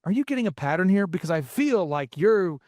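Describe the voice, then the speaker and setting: A man voicing a theatrical, exasperated older male mentor with dramatic, drawn-out emphasis. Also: sits high, big pitch swings, a little mellow, dry recording, clean studio sound.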